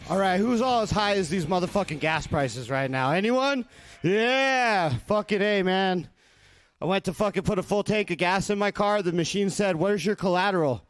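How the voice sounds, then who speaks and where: A man's voice: high voice, expressive, normal speed, no room sound, faint music behind. A man doing a stand-up set, swearing freely and working the crowd with questions. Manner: profane, crowd-working delivery. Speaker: stand-up comedian.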